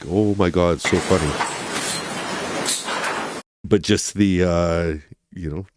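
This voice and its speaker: A man's voice: deep voice, a little mellow. A man hosting a true crime livestream, chatting casually and rambling as he talks to his viewers.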